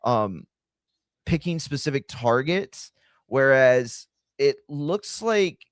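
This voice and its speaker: Streamer, male, easygoing slangy fight talk, dry close mic, mid-pitched voice. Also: lively intonation, slow pace, no echo. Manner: loose, slangy, chatty, addresses chat directly. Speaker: watch-party streamer and fight commentator. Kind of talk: casual live-stream commentary.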